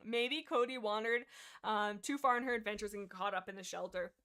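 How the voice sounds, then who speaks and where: Young woman, livestream host, chatty book discussion, rambling, excitable, lots of fillers. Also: medium pitch, brisk.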